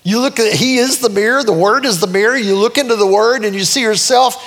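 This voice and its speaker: An older man delivers a sermon with a high, bright voice that climbs even higher as he grows fervent. His preaching rings out under the long reverb of a large church hall. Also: brisk, hardly any pauses. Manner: storytelling, rising to fervent high-pitched preaching. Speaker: pastor.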